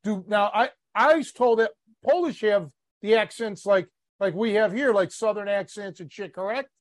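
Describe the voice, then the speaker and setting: A man from Chicago hosting a podcast, teasing and swearing casually in relaxed chat. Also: sits high, normal speed. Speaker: podcast host.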